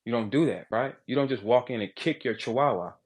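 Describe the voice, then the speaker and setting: A man hosting a podcast, ranting in a brash, profane, animated way, jumping between loud outbursts and low asides. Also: a little fast. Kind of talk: casual podcast rant.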